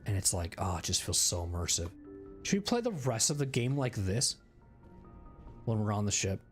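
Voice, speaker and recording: A man's voice: fairly low pitch, expressive, fairly quick, soft background music. A man streaming a video game, chatting casually in a rambling, cursing way. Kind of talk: casual gaming commentary.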